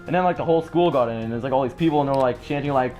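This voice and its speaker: Talking very fast over soft background music, a teenage boy rambles through a long, casual story full of fillers. When quoting other people, he switches into loud, high voices.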